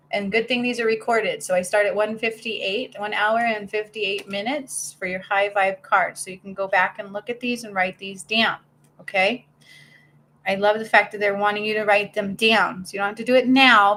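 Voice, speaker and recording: A middle-aged woman giving a live-stream spiritual reading, bubbly and excitable, laughing often as she talks. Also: mid-range voice, a little hiss or hum. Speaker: spiritual medium and healer.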